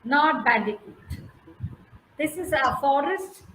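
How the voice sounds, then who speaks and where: Animated Indian English woman storyteller, unhurried, echoey hall. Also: sits high, slight background noise. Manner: animated, coaxing, praising by name. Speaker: storyteller teaching a class. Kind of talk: interactive storytelling with questions to listeners.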